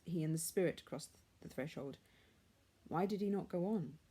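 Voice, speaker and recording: Woman storyteller, measured and hushed, lower mellow voice. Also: breathy edge. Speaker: reader. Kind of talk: storybook reading.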